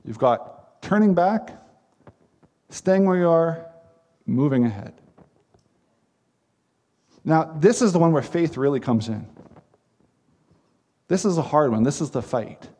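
A man's voice: on the high side, expressive, takes it slowly, pauses often, warm tone, breathy edge. A man preaching a sermon as pastor, earnest and emphatic, with repeated phrases.

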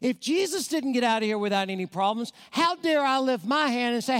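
A man preaching an evangelistic sermon as a guest speaker, emphatic and talking straight to the congregation, rushing some phrases and slowing hard on key words. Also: very high-pitched, animated, fairly bright tone. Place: church sanctuary. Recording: long reverb of a large church hall.

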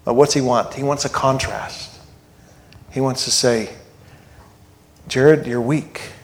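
A pastor giving a church sermon, reading scripture aloud and explaining it in a conversational way with joking asides. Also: male voice, mid-range voice, fairly even intonation, unhurried, a little hiss or hum. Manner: reads scripture aloud and unpacks it line by line.

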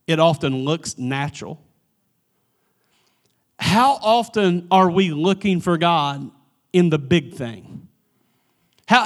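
High-voiced preaching man, loud then hushed. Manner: emphatic preaching, swings from loud pleading to hushed near-whisper; repeats words at starts of phrases. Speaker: pastor. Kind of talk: sermon.

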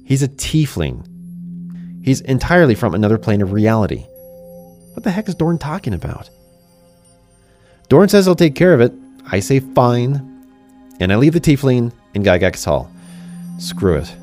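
A man's voice: medium pitch, very animated, normal speed, darkish tone, soft background music. A man narrating a first-person fantasy story in a conversational way, speaking to the listener directly.

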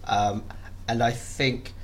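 A man's voice: mid-range voice, steady tone, slow pace. A young man chatting as a podcast guest, self-deprecating and full of restarts. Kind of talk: casual interview chat.

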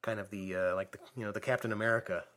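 A man in casual conversation, giving measured, slightly picky opinions about movies. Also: fairly low pitch, fairly even intonation, fairly bright tone. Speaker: co-host of a movie discussion. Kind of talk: casual chat.

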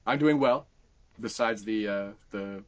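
A man's voice: fairly low pitch, measured pace, no room sound. A man co-hosting a casual podcast with wry, self-deprecating banter. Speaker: podcast co-host.

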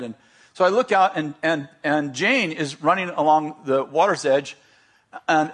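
A man who is a pastor, telling a story in a sermon in a lively, self-deprecating way, often restarting his sentences. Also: on the high side.

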